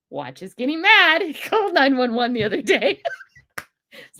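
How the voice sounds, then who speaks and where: An older woman hosting a casual livestream in a high-set, bright, sharp voice. Her pitch swings widely as she gets emphatic and impassioned. She rambles between points and laughs often. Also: very animated, unhurried. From Pacific Northwest of the USA. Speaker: livestream host.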